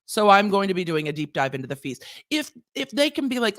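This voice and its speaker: A woman's voice: lowish voice, very animated, fairly quick, few pauses, a bit bright. A woman, a lawyer hosting her channel, ranting casually and animatedly with lots of rhetorical questions.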